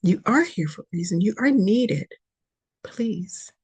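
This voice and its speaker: This spiritual podcast host reads with passion, pleading and repeating herself as she shifts from loud exhortation to near-whispers. Her medium-pitched voice is sing-song and slightly rough, moving at a moderate pace.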